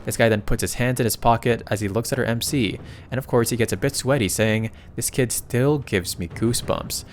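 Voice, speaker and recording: A man narrating a comic recap in a casual, chatty way, breaking in with excited asides. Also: mid-range voice, fairly quick, slight background noise.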